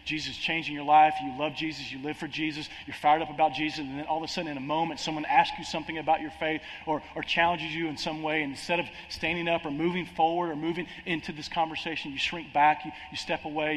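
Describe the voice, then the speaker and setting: A man's voice: a little high, a little hiss or hum. A man preaching a sermon as pastor, impassioned, restarting phrases and acting out quotes, recorded in a large church hall. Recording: long hall reverb, faint ambience.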